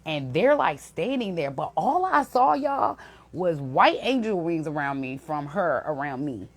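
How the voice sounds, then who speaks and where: Casting: young woman, husky low voice, emotional storyteller who talks straight to viewers. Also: unhurried. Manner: emotional, animated, addresses viewers as y'all. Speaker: intuitive reader.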